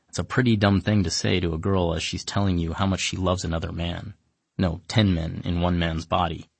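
Low, husky man telling a wry story. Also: no room sound. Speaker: narrator. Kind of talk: comic first-person story reading.

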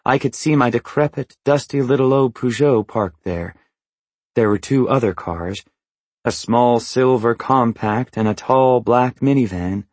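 A man narrating a first-person novel in an even, understated, matter-of-fact way. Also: mid-range voice, unhurried, no room sound. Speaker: audiobook narrator.

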